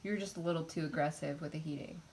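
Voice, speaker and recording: A woman's voice: low-pitched, steady tone, rapid-fire, darkish tone, slight background noise. A woman teaching a college chemistry class in a casual, chatty way, with frequent filler words and laughing asides.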